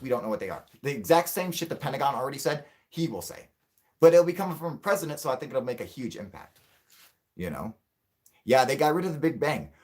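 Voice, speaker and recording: With a mid-range voice, this UFO livestream host keeps things casual, swearing, rambling, laughing often and cracking jokes. Provoked, he turns loud and playfully heated.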